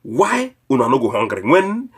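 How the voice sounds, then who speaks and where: A man's voice: medium pitch, wildly swooping pitch, normal speed, husky. A man with a Nigerian Pidgin accent giving a preachy political rant that scolds his listeners with mocking rhetorical questions. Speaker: online commentator.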